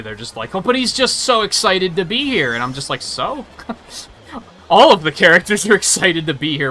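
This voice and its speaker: Ranting, profane male game streamer. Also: on the high side. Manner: ranting, profane, mocks others in loud bursts. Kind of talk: live gaming stream chat.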